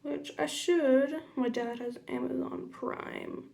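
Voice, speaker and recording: A young woman chatting casually through a makeup tutorial, rambling into side stories and muttering quietly while she works. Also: high-pitched, steady tone, takes it slowly, gravelly. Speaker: makeup vlogger.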